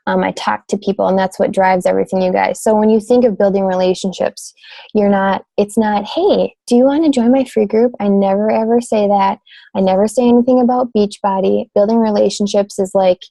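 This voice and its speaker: A woman's voice: medium pitch, flat delivery, fairly quick, vocal fry, warm tone, no echo. A woman in her thirties giving casual coaching tips on a team call, chatty and full of fillers, often saying "you guys".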